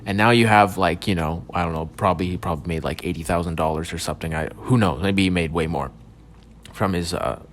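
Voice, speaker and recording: Brief: young male podcaster, deep low voice, loose profane rambling monologue, frequent false starts. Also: a little fast, slight background noise. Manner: rambling, profane, stumbling restarts. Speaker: podcast host. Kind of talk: casual solo podcast monologue.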